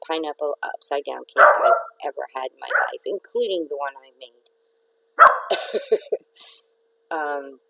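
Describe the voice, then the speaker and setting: A woman's voice: sits low, gravelly, pushed and bright, rough recording. A middle-aged woman hosting a casual live stream from home, chatting and rambling to viewers and greeting commenters by name. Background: neighbor's dog barking.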